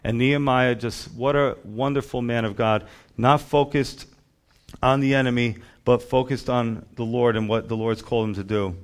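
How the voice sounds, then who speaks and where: A male pastor preaching a sermon in an emphatic, rhythmic way, building his points through lists. His pitch sits in the middle range for a man. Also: normal speed.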